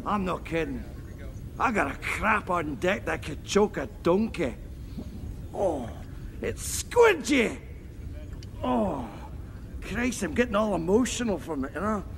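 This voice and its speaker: An actor playing an obese, crude, greedy henchman in a comedy film, talking in a boisterous, gravelly bellow. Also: sits high, expressive, takes it slowly, long pauses, fairly bright tone, heavily acted. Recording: film soundtrack with long reverb, faint noise.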